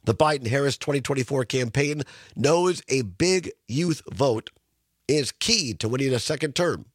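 A male radio talk show host with a rough, husky voice from a sinus infection, chatting casually and reading a news story aloud. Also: medium pitch, animated, moderate pace, dry recording, clean studio sound. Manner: rambling, chatty, reads news stories aloud. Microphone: studio microphone.

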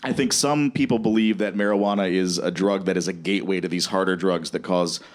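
A man with a low, easy voice talks through politics on the radio. He rambles, restarts his sentences and laughs along as he goes. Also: fairly quick. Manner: rambling, self-correcting, laughs often. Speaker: political science teacher, guest. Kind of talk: casual radio talk.

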